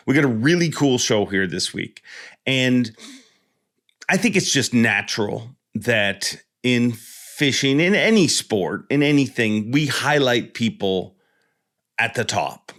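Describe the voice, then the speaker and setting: A man's voice: medium pitch, lively intonation, slow pace, a bit bright. A man hosting a fishing podcast in a casual, joking, rambling monologue, born in Ireland. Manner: jokey, rambling, self-deprecating. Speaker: podcast host.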